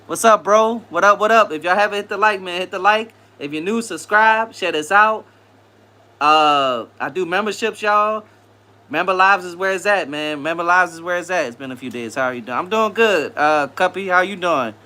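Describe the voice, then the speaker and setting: A man hosting a casual live stream, reading viewer comments aloud, greeting people by name and repeating phrases in a relaxed way. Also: high-pitched, normal speed.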